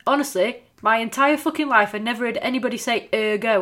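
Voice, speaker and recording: Northern english woman cohosting a podcast, a bit high voice, swears loads, laughs a lot. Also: quick pace, fairly bright tone. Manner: sweary, blunt and laughing often. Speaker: podcast co-host. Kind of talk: casual chat.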